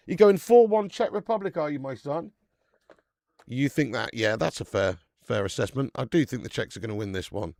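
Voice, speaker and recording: A man's voice: mid-range voice, creaky, dry recording. A man with a chatty, sweary manner hosting a live football watch-along, greeting viewers in the chat as he commentates.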